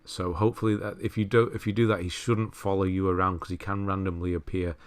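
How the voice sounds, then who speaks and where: Low-voiced man commentating gameplay. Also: fast talker, clean tone. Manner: relaxed, chatty, laughs at himself, self-correcting. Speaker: walkthrough commentator.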